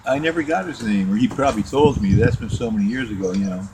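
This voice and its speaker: An older man reminiscing in a casual interview, rambling through his stories with many restarts. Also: mid-range voice. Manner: rambling, restarts often, drawn-out storytelling. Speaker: interviewee telling war stories. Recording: home recording with noticeable background noise.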